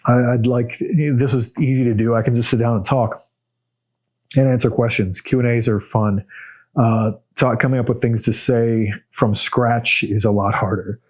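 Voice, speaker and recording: A middle-aged man hosting a casual solo Q&A podcast, talking in a blunt, unhurried way with many fillers and restarts. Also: medium pitch, steady tone, darkish tone. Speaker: podcast host answering viewer questions.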